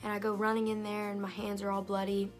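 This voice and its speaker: Young woman doing a storytime on her phone, lots of "like" and "um", soft music under it. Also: medium pitch, fast talker. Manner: fillers and lively retelling with quoted voices. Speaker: vlogger. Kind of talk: storytime vlog.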